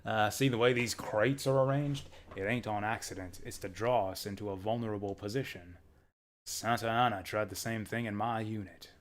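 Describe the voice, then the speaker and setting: A man's voice: lowish voice, fairly even intonation, normal speed, slight background noise, natural voice. A man reading the lines of a retired army lieutenant in a plain, matter-of-fact way. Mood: determined.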